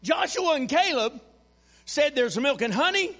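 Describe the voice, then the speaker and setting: A man preaching a sermon in a church, animated and calling on the congregation to repeat phrases back to him. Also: very high-pitched, a little slow, big-room sound. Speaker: pastor. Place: church sanctuary.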